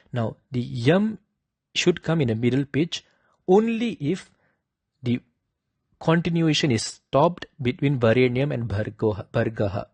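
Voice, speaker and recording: Slow, patient man teaching chanting. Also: lively intonation, a little mellow, husky, no room sound. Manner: slow, patient explanation, chanted examples drawn out and higher. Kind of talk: explaining Vedic pitch accents with sung examples.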